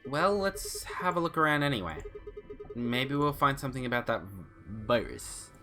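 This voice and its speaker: A man's voice: mid-range voice, sing-song, moderate pace, over music. A man streaming a video game, joking and swearing in casual commentary.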